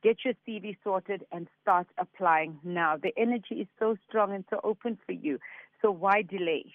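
A man working as a psychic medium on a radio show, giving callers readings in an earnest, reassuring way and relaying messages in quick runs. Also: high voice, no room sound. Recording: tinny phone-like line, dry.

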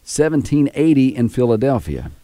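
A man's voice: medium pitch, very animated, normal speed, mellow, no room sound. A middle-aged man hosting a casual talk show, his voice swinging up and down as he jokes and laughs between bits of trivia. The sound is close and dry. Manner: jokey, laughs often, tells trivia. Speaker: radio show host. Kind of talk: casual morning-show banter.

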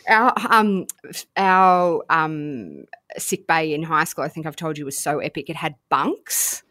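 A woman's voice: low voice, animated, a little slow, bright, forceful tone, no room sound. A woman co-hosting a podcast, chatting in an enthusiastic, gushing way and swearing freely. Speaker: podcast co-host. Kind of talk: casual chat.

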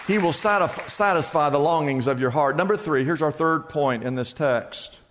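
A man's voice: fairly high pitch, normal speed, fairly bright tone, some chatter behind, slight background noise. A man preaching a sermon as pastor, asking rhetorical questions and repeating phrases for emphasis, in a church. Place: church sanctuary. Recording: long reverb of a church hall.

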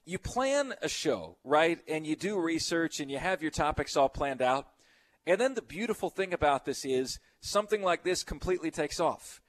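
A middle-aged man hosts a sports radio show, chattering easily and rambling as he riffs casually on listener messages. His voice sits a little high for a man.

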